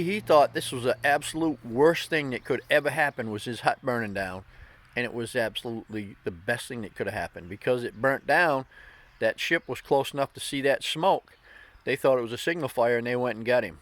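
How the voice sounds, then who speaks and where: A man's voice: mid-range voice, fairly bright tone, no room sound. Folksy man giving a pep talk. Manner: folksy and informal, with many fillers. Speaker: host of a daily inspirational talk. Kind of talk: casual motivational talk with storytelling.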